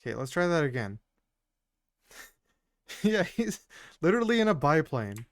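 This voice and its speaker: A young man live-streaming an old game, reading its story text aloud with dry asides, laughing easily and getting loud and excited over the gameplay. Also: a little high, normal speed, no room sound. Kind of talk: live-stream let's play commentary.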